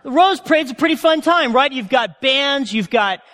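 A man's voice: very high-pitched, lively intonation, normal speed, sharp tone. A man preaching a sermon in a conversational way, often turning to the congregation with questions. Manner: conversational, asks the audience questions. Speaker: pastor. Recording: long hall reverb.

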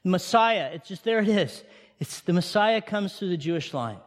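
A man preaching a sermon to his congregation, animated and firing questions at them. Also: high voice, normal speed. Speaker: pastor. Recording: long hall reverb.

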